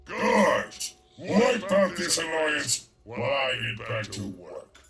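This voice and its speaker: A man voicing a gruff, commanding male charr warrior leader in a game, blunt and threatening. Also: medium pitch, lively intonation, slow pace, music in the background. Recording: game audio over battle noise.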